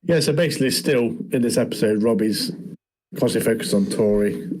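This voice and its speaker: A man co-hosting a podcast, recapping in a relaxed, rambling way. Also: medium pitch, brisk, slight background noise, poor audio. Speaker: podcast co-host. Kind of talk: casual chat, recapping episodes.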